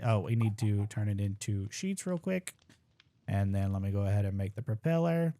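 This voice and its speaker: A man's voice: lowish voice, creaky, warm tone, no room sound. A young man casually talking through his own game speedrun, thinking aloud as he plays and tossing in wry asides about his mistakes. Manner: casual, thinks aloud while playing, self-deprecating asides. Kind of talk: live gameplay commentary.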